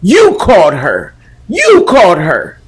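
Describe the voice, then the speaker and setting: A man voicing an old witch woman's spirit who yells repeated accusations. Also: medium pitch, wildly swooping pitch, slow pace, slightly rough, pitched above the performer's own voice, exaggerated voice. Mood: accusing.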